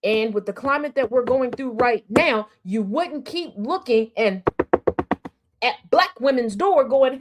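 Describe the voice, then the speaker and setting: A woman's voice: high-pitched, expressive, unhurried. A woman hosting an opinionated commentary stream, sassy and sarcastic, hammering points with rhetorical questions and repetition. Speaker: news commentary host.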